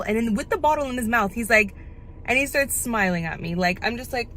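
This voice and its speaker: A woman's voice: on the high side, quick pace, a bit bright, a little hiss or hum. A young woman vlogging into her phone, rambling casually with lots of "like" as she runs errands and talks at home. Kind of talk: casual vlog chat to camera. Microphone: phone held at arm's length.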